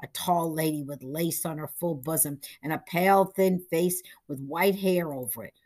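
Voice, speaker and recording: Low, breathy woman reading a story. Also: normal speed. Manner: dramatic, expressive storytelling. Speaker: narrator. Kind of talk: reading a short story aloud.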